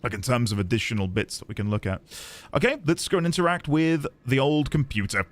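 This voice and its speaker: British male streamer, lively and chatty, pitch swings up and down a lot, reads game notes aloud. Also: a little fast, slight background noise. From Britain. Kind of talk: casual game-stream chat.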